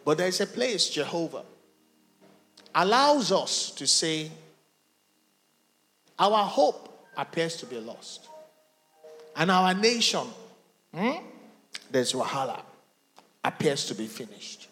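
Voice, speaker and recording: A man preaches in a slow, deliberate sermon, his fairly high voice swinging widely between quiet lows and soaring emphatic peaks. He draws the congregation into call-and-response. The sound carries the long reverb of a large church hall. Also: sing-song, faint music behind. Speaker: pastor.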